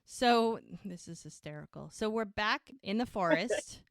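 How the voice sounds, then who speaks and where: A woman co-hosting a podcast tells an episode recap in a chatty, storytelling way and slips into the characters' lines as she goes. Her voice sits at a medium pitch. The recording is dry and close. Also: animated, a little slow, dry recording. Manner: chatty storytelling, acts out quotes. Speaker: podcast co-host.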